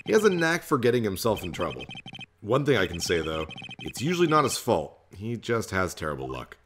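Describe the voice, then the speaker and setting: A man's voice: on the low side, big pitch swings, fairly quick, background noise. A man voicing a young male defense lawyer in a game, reading in a dry, wry way.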